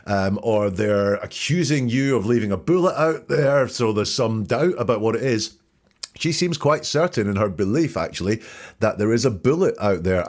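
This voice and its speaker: A man hosting a podcast who speaks in a measured, methodical way, quoting and dissecting words one by one. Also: lowish voice, lively intonation, a little mellow. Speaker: podcast host. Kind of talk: analytical commentary.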